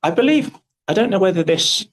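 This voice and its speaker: A man's voice: high-pitched, brisk, low-quality recording. A young man from Scotland leading a live public speaking workshop, talking animatedly and acting out voices in his stories. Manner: animated, acts out voices in anecdotes.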